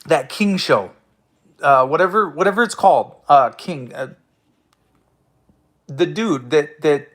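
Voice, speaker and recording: A man's voice: a little high, slow, pauses often. A man hosting his own online show, ranting angrily at his listeners with constant swearing and stammered restarts. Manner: profane, confrontational, stammering restarts. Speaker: host of an online audio room show. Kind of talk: angry ranting monologue.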